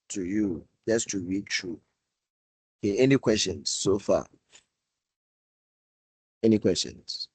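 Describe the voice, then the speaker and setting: A man teaching a live online programming class, halting and repeating words as he coaxes and teases his students. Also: on the low side, darkish tone, breathy edge, no room sound, poor audio. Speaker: programming instructor.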